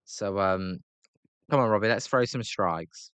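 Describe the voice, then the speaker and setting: A British man giving live play-by-play reaction to a baseball game, chatty with fillers between pitches and excited calls on big plays. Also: unhurried, clear, resonant tone, dry recording. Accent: British English. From Britain.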